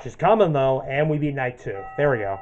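A man's voice: medium pitch, animated, a little fast, darkish tone, dull audio, faint music behind. A man hosting a gaming channel, giving casual commentary and narrating each move as he plays.

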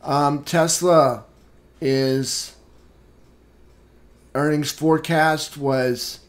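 Man, unhurried, trading room host, market recap, casual chart talk. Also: fairly high pitch, fairly even intonation. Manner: unhurried, plain chart commentary with fillers. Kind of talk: live market recap walkthrough.

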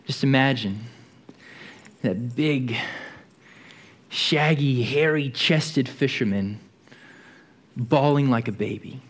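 A man's voice: medium pitch, slow pace, pauses often. A man preaching a sermon in a church, telling the story vividly and often repeating words as he goes.

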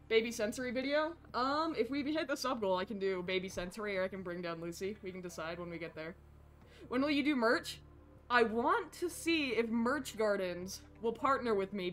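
An American woman streaming a video game with casual, excitable and profane commentary that often rambles. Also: on the high side.

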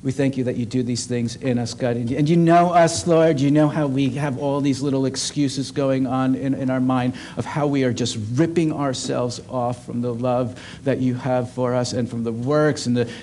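A man's voice: mid-range voice, steady tone, moderate pace, warm tone, slight background noise. A man preaching a sermon as a pastor at a church service, earnest and emphatic.

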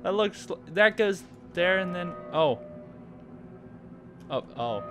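A man's voice: sits high, very animated, slow pace, pauses often, music in the background. A man commenting on horror games at home into a desk microphone, shrieking, swearing and joking at the scares. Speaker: gaming video creator. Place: home recording setup with a green screen. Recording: noisy home game recording.

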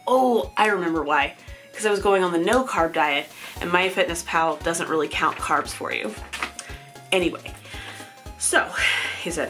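A woman's voice: lowish voice, normal speed, pauses often, a bit bright, faint music behind. A woman in her thirties giving a casual, candid personal update vlog, chatty and laughing at herself, sounding tired. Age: 30s. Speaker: vlogger.

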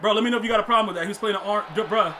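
A man's voice: high-pitched, rapid-fire, pushed and bright, a little hiss or hum. A young man streaming a football video game, rambling in casual commentary, laughing a lot and repeating catchphrases. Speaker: gaming streamer. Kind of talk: casual live gameplay commentary.

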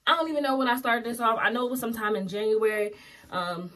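Young adult woman, casual daily vlogger, chatty and relaxed, close to the mic. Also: a little high, fast talker. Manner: chatty, loose, lots of "um" and "y'all". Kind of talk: casual vlog chat. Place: at home, then out running errands. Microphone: phone or camera held close.

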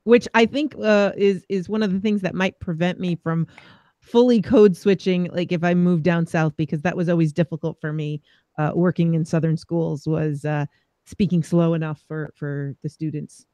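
A man hosting a podcast, reflecting thoughtfully in a relaxed chat. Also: on the high side, normal speed, dry recording, highs cut off. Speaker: podcast host. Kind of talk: casual chat.

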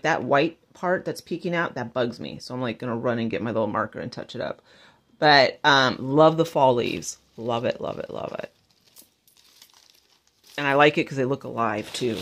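A woman vlogger chatting casually and gushing as she shows off her shopping haul. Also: very deep voice. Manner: bubbly, chatty, gushing over finds. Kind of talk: casual haul vlog chat.

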